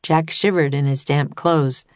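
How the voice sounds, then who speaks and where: A woman narrating a children's storybook in a steady, clear reading voice. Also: low voice, unhurried, dry recording.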